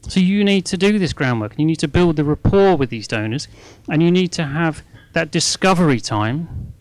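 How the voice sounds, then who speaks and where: A middle-aged man, a guest speaker at a fundraising masterclass, talks live to an audience at normal speed in a slightly high, expressive voice with no room sound. He's chatty and self-mocking, repeatedly checking in with "okay?".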